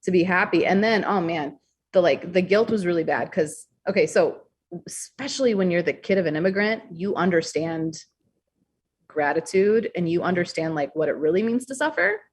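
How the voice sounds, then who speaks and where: A young adult woman talking candidly as a podcast guest, expressive and blunt, swearing freely. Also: on the low side, normal speed, husky. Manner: frank, expressive, swears freely, acts out quoted thoughts. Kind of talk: candid interview conversation.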